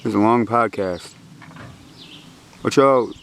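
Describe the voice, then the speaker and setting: A man's voice: on the low side, takes it slowly, creaky, fairly bright tone, a little hiss or hum. A man with a strained, worn-out voice chatting casually in a rambling, giggly way while coaxing his cat. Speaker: podcast host.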